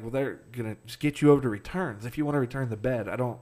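A man in casual podcast chat with a middle-pitched voice. He tells a story in a rambling way, laughs a lot and swears freely. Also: fast, darkish tone. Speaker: podcast co-host.

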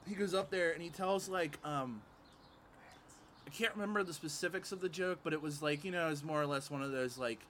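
A man's voice: a little high, a little fast, a little hiss or hum. Profane, laughing storyteller man. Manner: animated, profane, laughing while telling. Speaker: podcast panelist and stand-up comic. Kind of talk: casual storytelling chat. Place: home porch, outdoors.

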